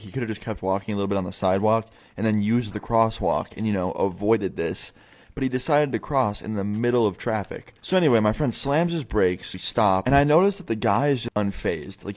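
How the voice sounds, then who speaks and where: Young man, lowish voice, casual sweary storyteller. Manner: swearing, rambling, filler-heavy.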